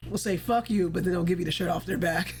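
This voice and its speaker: A woman's voice: lowish voice, fast talker, over music. A woman hosting a casual livestream chat, rambling along, laughing often and swearing casually. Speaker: livestream host.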